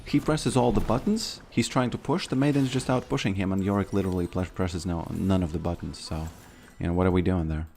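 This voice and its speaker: A man's voice: sits low, steady tone, fairly quick, gravelly, hardly any pauses, darkish tone, faint music behind. A man streaming a video game, chatting casually in a rambling way, often stammering and repeating his words. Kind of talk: casual gameplay commentary.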